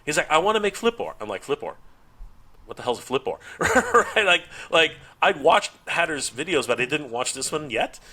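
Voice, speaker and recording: A man whose voice is on the high side talks at a moderate pace as a podcast guest; he's a toy YouTuber. Chatting casually, he tells a story with animation, voicing the dialogue, laughing frequently, and often starting over.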